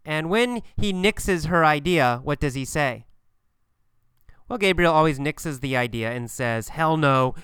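Slow, clear-voiced male English teacher. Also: fairly high pitch, fairly bright tone, dry recording, studio quality. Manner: slow, deliberate, repetitive questioning. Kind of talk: English pronunciation lesson.

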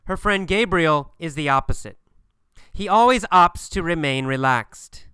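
A man teaching an English pronunciation lesson, asking and answering his own questions deliberately. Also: a little high, lively intonation, bright, forceful tone, smooth, no echo, clean studio sound. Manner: slow, deliberate, repetitive questioning.

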